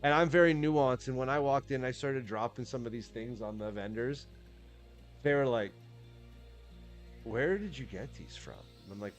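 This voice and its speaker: A man's voice: medium pitch, normal speed, faint music behind. A man chatting casually on a livestream, laid-back and swearing freely, often restarting his sentences. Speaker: streamer.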